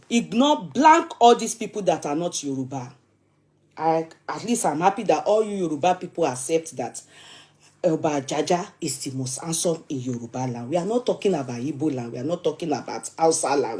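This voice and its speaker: A woman with a Nigerian accent hosting a gossip stream, dramatic and animated, arguing back at viewers' comments. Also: on the low side. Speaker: gossip channel host. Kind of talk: live chat commentary.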